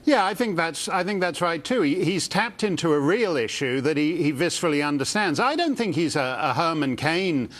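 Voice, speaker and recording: A man's voice: fairly high pitch, normal speed, few pauses. A man appearing as a guest commentator on a cable news interview, wry and sardonic. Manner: wry, animated, sardonic asides.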